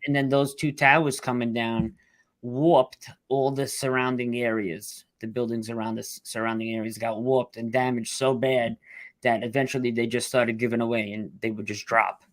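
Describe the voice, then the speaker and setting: A middle-aged man, a rescue worker telling his story in an interview, blunt and halting, fighting back tears. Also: medium pitch, little pitch movement, dry recording. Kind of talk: emotional storytelling.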